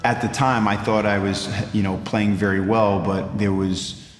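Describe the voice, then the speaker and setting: Former player, low subdued voice, roomy reverberant hall. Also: male voice, level tone, a little slow. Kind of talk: documentary interview. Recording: echoey hall with music.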